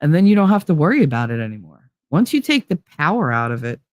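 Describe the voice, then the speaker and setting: A woman's voice: low-pitched, very animated, quick pace, darkish tone, no echo. A woman hosting a casual livestream who talks bluntly and openly about her feelings, with frequent swearing. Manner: blunt, profane and emotionally open. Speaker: livestream host.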